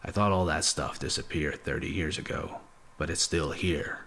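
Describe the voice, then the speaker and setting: A talkative, friendly traveler with a Southern US accent, as a man reads him aloud. He chats on eagerly in an extremely deep voice with a gravelly edge, and a faint hiss sits under it. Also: moderate pace, fairly bright tone, exaggerated voice. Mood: enthusiastic. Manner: chatty, enthusiastic storytelling.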